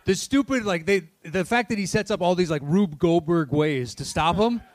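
A man's voice: high voice, moderate pace, no room sound. A man from downstate Illinois co-hosting a podcast, chatting casually and joking, swearing freely and acting out quotes. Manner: animated, swears, acts out quotes. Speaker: podcast co-host. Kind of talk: casual comedic chat.

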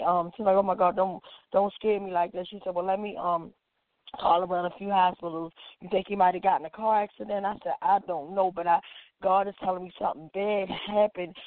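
A woman's voice: medium pitch, no room sound. A woman casually recounting a personal story, animatedly acting out the dialogue of the people in it. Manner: animated, acts out quoted dialogue, frequent "like". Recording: dry, tinny phone-like sound.

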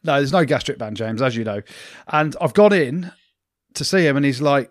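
A man's voice: medium pitch, brisk, no echo, clean studio sound. A man cohosting a podcast, telling a self-mocking story in casual banter and laughing often. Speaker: podcast co-host.

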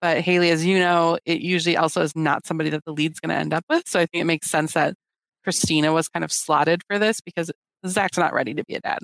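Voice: mid-range voice, fairly even intonation, quick pace, gravelly, a bit bright, no room sound. A podcast host in casual recap chat, explaining and prompting the other speakers.

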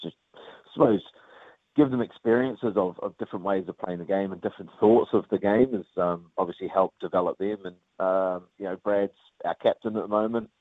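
A low-voiced man with a New Zealand accent, a rugby player, chats casually in a phone interview, relaxed and rambling with lots of ums and uhs. The recording is dry, coming through a tinny phone line.

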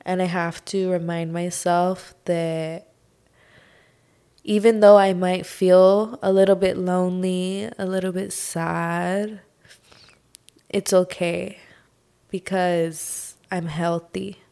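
A young woman hosting her own podcast, talking through a personal struggle in a slow, heartfelt monologue full of sighs and "like". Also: lowish voice, little pitch movement, vocal fry, mellow, smooth. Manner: slow, sighing, heartfelt, says "like" often. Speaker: podcast host.

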